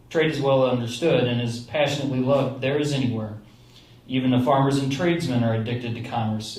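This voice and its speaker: A man voicing an older, moralizing New England gentleman with a New England accent, reading a letter aloud in a slow, declamatory way. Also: medium pitch, close to an everyday voice. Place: small theatre stage with audience. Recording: roomy live room, mic at a distance.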